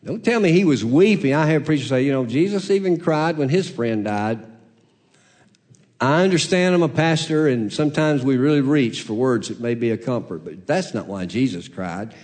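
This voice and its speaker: Animated preacher man, big swings. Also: mid-range voice, moderate pace. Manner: dramatic swings from hushed to loud preaching. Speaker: pastor. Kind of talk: sermon.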